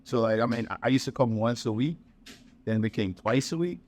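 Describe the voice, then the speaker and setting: A man on a podcast in a cigar bar, chatting in a loose, halting way with plenty of slang. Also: mid-range voice, a little mellow. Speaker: podcast co-host. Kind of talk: casual chat.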